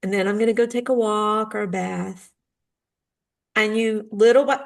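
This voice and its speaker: A middle-aged woman and spiritual guide speaking in a gentle, earnest way about healing, now and then acting out little dialogues. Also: mid-range voice, moderate pace, vocal fry, long pauses. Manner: gentle, earnest, acts out short dialogues with lively shifts. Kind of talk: heartfelt talk on healing grief.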